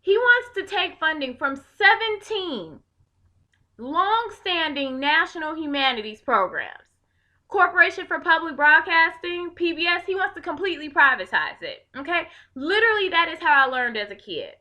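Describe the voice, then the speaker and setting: A woman's voice: very high voice, very animated, normal speed, pushed and bright. A young woman from Chicago giving an impassioned, blunt political rant to the camera and swearing freely. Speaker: video blogger.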